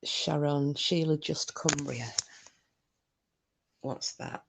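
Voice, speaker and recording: A woman's voice: low voice, takes it slowly, gravelly, background noise. A woman hosting a live stream, rambling in casual chat with plenty of fillers and breaking off to greet viewers by name. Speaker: livestream host.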